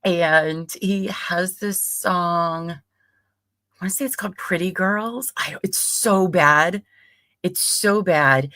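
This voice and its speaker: A woman in her late thirties hosts a live stream in a loose, rambling chat full of laughter. Her voice sits low with a gravelly edge. The sound is dry and close, with no room around it. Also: fairly bright tone, no echo. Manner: chatty, laughs often, rambling asides. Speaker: livestream host.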